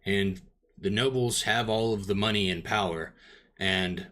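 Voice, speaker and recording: A stern, short-tempered fallen nobleman, as played by a man running a tabletop game. His voice sits on the low side and comes across forceful as he lays out how things work among the prisoners. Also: unhurried. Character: bitter male former nobleman, prisoner overseer.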